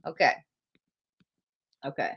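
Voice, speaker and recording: A woman's voice: slow, dull audio. Chatty, reassuring woman live-streaming. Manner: chatty, reassuring, reads viewer comments aloud. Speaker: tarot reader hosting a live stream. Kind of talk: casual live-stream chat.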